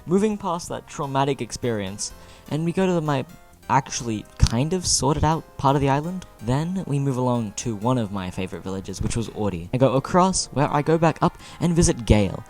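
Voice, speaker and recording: A young man giving casual, animated commentary over his own gameplay, joking with exaggerated dismay. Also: mid-range voice, brisk, faint music behind. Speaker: gaming video host.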